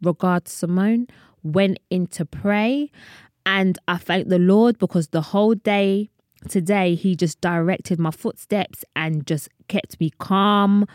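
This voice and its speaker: A woman's voice: mid-range voice, slow, dry recording, clean studio sound. A young woman hosting a faith podcast, chatty and earnest, often wandering off topic. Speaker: podcast host. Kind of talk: personal faith talk to listeners.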